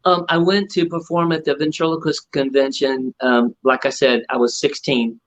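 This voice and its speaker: A man's voice: mid-range voice, moderate pace. A man, a ventriloquist, telling stories in a casual interview and acting out the people he quotes. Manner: animated storyteller acting out quotes. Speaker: ventriloquist guest. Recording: dull lo-fi audio.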